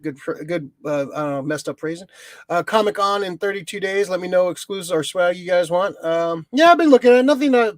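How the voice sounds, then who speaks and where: A man hosts a podcast in a loose, rambling chat, his voice sitting high for a man. He leans on fillers and swears without a second thought. The sound is close and dry, with no room to it. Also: creaky, no room sound. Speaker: podcast host. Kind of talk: casual chat.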